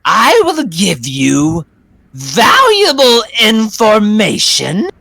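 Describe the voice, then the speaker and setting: A man voicing a shrill cunning old witch. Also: huge pitch swings, drawn-out words, creaky, sharp tone, heavily acted. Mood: sly bargaining. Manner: screeching, sly and wheedling.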